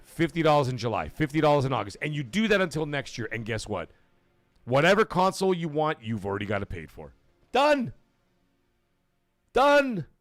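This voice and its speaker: A man hosting a casual live gaming stream, blunt and profane, talking straight to his chat. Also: medium pitch. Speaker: livestream show host.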